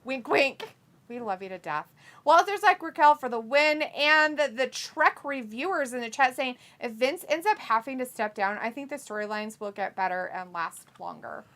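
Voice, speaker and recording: A woman hosting a live watch-along stream, reading viewer chat messages aloud with quick laughs in casual talk. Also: on the high side, animated, fairly bright tone.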